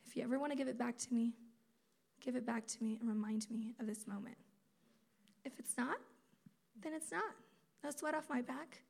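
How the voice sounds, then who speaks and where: High-voiced woman preaching conversationally. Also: normal speed, creaky, long pauses. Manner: conversational, animated with laughs and acted quotes. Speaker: speaker at a campus ministry conference. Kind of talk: sermon.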